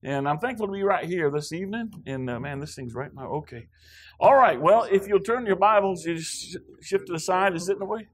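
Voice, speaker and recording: A man's voice: high voice, a little fast. A guest preacher from Wyoming, a man rambling with joking asides in a church sermon before reading scripture.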